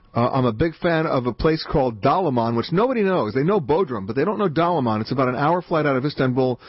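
A man hosting a radio travel call-in show, chatty and emphatic with quick asides. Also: mid-range voice, husky, no echo. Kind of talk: fast radio call-in talk. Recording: dull band-limited radio audio.

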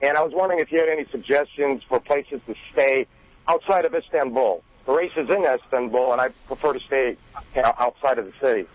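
A man's voice: mid-range voice, a little fast, dry recording. A man calling in to a radio show, polite and hesitant with fillers. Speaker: caller. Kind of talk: phone-in questions. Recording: dull band-limited radio audio.

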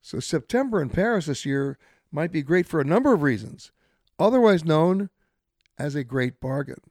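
A man running a radio travel program from a hotel talks straight to his audience with chatty, emphatic advice. He has a somewhat high, darkish voice with lively intonation and normal speed, recorded in studio quality with no room sound.

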